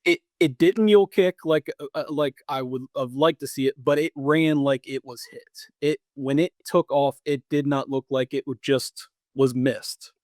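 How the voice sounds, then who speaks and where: A man's voice: medium pitch, steady tone, moderate pace, hardly any pauses, darkish tone, no echo, clean studio sound. A man in his thirties, a podcast co-host, casually telling a long hunting story with lots of restarts and repeats. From Pennsylvania or Maryland.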